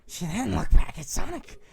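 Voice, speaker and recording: A reader gives a comedic, mock-dramatic reading of fan fiction and tries out silly voices along the way. The delivery is slow and drawn out, and the pitch swoops around a lot. The voice has a gravelly rasp. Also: darkish tone.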